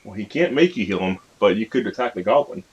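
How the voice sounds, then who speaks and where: A man's voice: lowish voice, fast talker, muffled recording, a crowd in the background. Man running a family tabletop game. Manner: lively, playful narration with sudden loud bursts. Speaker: game master.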